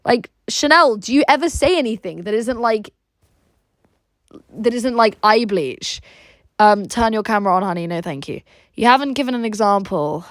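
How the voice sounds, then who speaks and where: A woman's voice: fairly high pitch, animated, normal speed, dry recording, clean studio sound. A woman from Russia with an English accent, chatting casually on a livestream and reacting to viewer messages in a blunt, crude, rambling way full of "like".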